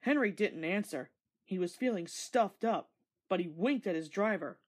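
A woman narrating a storybook read-along, gentle and expressive with a breathy voice. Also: mid-range voice, moderate pace.

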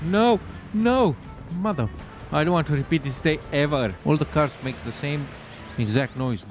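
A man's voice: fairly high pitch, fairly quick, soft background music. A man sarcastically commentating a game as he plays, exasperated and swearing freely. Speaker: gameplay commentator. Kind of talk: let's play commentary.

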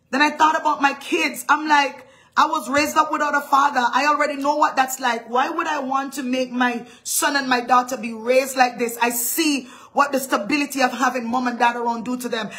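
A woman's voice: high voice, bright, forceful tone. A middle-aged woman pastor delivering a live-streamed sermon in an emphatic, dramatic manner.

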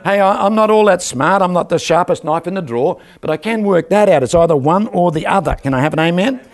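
An older man preaching a lively church sermon, joking and calling out for amens from the congregation. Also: high-pitched, quick pace. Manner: animated, joking, calls for amens from the crowd. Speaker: guest preacher. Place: church service.

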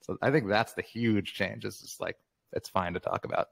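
A man in his fifties, a memoir author, talking as a podcast guest in a relaxed, reflective way and laughing often. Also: on the low side, moderate pace, gravelly. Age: 50s. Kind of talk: casual interview conversation.

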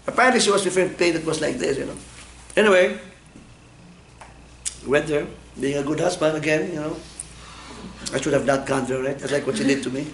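A man's voice: fairly high pitch, brisk, long pauses, echoey room, slight background noise, rough recording. A man giving a medical lecture, joking, asking the class questions and answering them himself. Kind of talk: classroom lecture with personal anecdotes.

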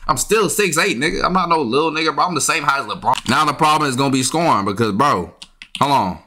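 Frustrated young gamer, lively swooping voice. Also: male voice, fairly high pitch, fast, slight background noise. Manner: frustrated, trash-talking, yelps up when annoyed. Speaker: gaming YouTuber. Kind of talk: casual gameplay commentary. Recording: faint keyboard and mouse clicks.

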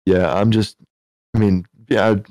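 An American man with a low voice, speaking as a guest in a podcast chat. He talks calmly and plainly and slips in dry jokes. His voice sounds close and dry, with no room around it. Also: measured pace, dry recording. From United States. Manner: calm, matter-of-fact, dry humor. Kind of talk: casual chat.

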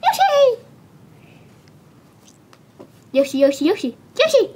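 Woman doing Yoshi, a squeaky chirpy dinosaur. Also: a little fast, heavily acted. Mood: excited. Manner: chirpy, repeats one word, excitable. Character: squeaky little green dinosaur, only says its name. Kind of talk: fan plush-toy comedy skit.

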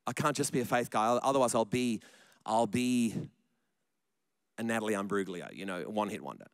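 A man's voice: fairly low pitch, a little fast, clear, resonant tone, no room sound. A man preaching a sermon in church, chatty and joking, often repeating his words. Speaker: pastor.

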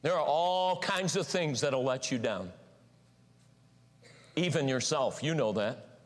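A pastor preaching a sermon in a church, animated, acting out little voices and shouting for emphasis. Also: male voice, mid-range voice, takes it slowly. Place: church sanctuary. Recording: long hall reverb.

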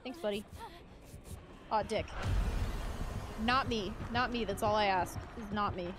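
A woman's voice: mid-range voice, unhurried, noisy background. A young woman livestreaming, chatting casually with her viewers, giggling often and swearing lightly.

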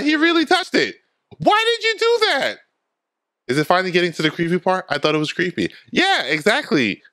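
A man's voice: fairly high pitch, pushed and bright, no echo. A man casually commentating a video game, reading the dialogue aloud with a playful, jokey manner. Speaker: gaming channel host. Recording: dry, with faint game music behind.

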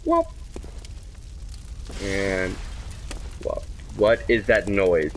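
A man's voice: low-pitched, huge pitch swings, very slow, slight background noise. Exasperated young man gaming. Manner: exasperated, talks to the game, swings from mutters to shouts. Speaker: gameplay commentator. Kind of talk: let's play commentary.

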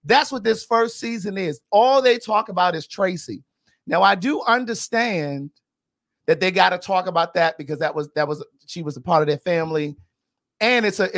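Outspoken female podcast host, blunt and animated, dishing gossip in casual talk. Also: lowish voice, moderate pace. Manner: animated and emphatic. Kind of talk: casual pop-culture commentary.

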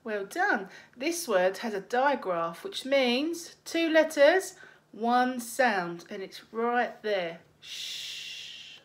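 A woman teaches phonics to young children and stretches each sound out for them. Her voice sits a little high, and she takes her time with every word. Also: very animated. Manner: slow, encouraging, sounds out letters.

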